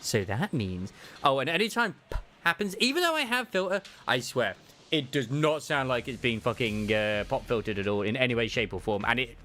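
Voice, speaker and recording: A man's voice: big pitch swings, fairly quick, sharp tone, a little hiss or hum. A man streaming a game, chatting casually, swearing freely and reading game lines aloud. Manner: chatty, swears casually, jumps into higher pitch when reading dialogue.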